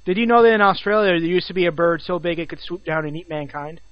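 High-voiced man chatting and giggling. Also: steady tone, quick pace, no echo. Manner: chatty, giggly, laid-back. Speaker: podcast co-host. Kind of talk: casual chat. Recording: dull lo-fi sound.

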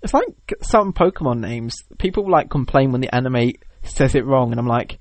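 A man's voice: medium pitch, lively intonation, moderate pace, few pauses, no echo, low-quality recording. A young man co-hosting a podcast, rambling with many fillers and laughing easily. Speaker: podcast co-host. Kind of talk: casual chat.

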